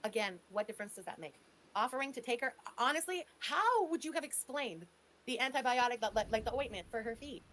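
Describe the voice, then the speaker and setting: A woman with a high voice hosts a reaction commentary. She picks apart what she hears with sarcasm and disbelief, speaking plainly and casually. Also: sing-song, a little fast, fairly bright tone. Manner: sarcastic, mocking, incredulous. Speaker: host, commentary channel.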